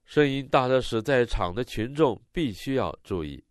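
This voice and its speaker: A man interpreting a sermon line by line, expressive and rising on the quoted cries. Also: medium pitch, moderate pace, clean tone, dry recording, studio quality.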